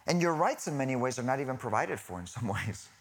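Animated male preacher dropping to whispers. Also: medium pitch, fast talker. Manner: animated, swinging from loud bursts to hushed near-whispers; self-correcting, laughing asides. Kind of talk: sermon.

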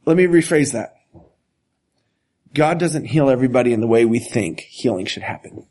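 A man preaching a sermon as a pastor, earnest and deliberate, with dramatic pauses and sudden drops to a whisper. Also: mid-range voice, expressive, a little mellow.

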